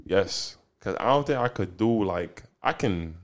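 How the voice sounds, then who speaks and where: Animated man in casual chat. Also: fairly low pitch, unhurried. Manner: animated, acts out quoted voices, slangy.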